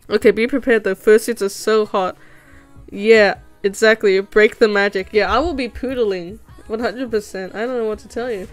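A young woman, chatting and giggling with her chat at home while she draws. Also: on the high side. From Australia. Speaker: livestreamer. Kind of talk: casual livestream chat while drawing. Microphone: desk mic. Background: faint music playing.

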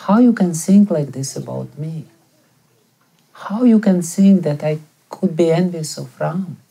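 A man's voice: on the high side, unhurried, creaky, dark tone, breathy edge, heavily acted. A man voicing an anguished young prince who passionately pleads his loyalty. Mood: pleading. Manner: impassioned, pleading.

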